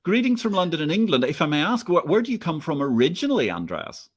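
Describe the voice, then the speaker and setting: A man's voice: a little high, big pitch swings, quick pace. A man hosting a livestream interview, opinionated, wry and wordy. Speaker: host.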